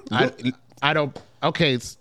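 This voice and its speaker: A man's voice: fairly high pitch, a little slow, bright, forceful tone. A young man co-hosting a podcast in casual chat, playful and laughing with frequent restarts. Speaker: podcast co-host.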